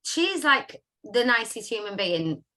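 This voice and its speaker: Bright, chatty woman host. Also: on the high side, sing-song, takes it slowly. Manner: chatty, upbeat, lots of "like" fillers. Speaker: host of a business chat. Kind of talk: casual live video chat.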